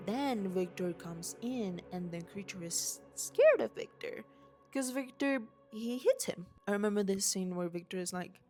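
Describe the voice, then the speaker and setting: A woman's voice: medium pitch, lively intonation, a little slow, darkish tone. A young woman with a mid-range voice gushes through an unscripted rant, tumbling from one thought to the next and cursing casually. She talks into a handheld mic that she swings around at home, with faint music underneath. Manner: gushing, rambling, swears casually. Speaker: vlogger. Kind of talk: unscripted excited movie rant. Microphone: handheld mic waved around.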